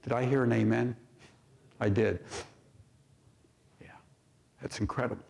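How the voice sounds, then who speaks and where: In a church sanctuary with long reverb, a male pastor preaches, reading scripture aloud and posing rhetorical questions to the congregation. His medium-pitched voice is steady, creaky and darkish, delivered at a measured pace.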